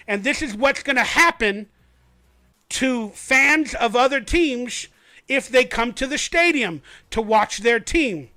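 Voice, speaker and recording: A man hosting a fan livestream, telling a story in an animated, rambling way. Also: very high voice. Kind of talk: casual sports commentary.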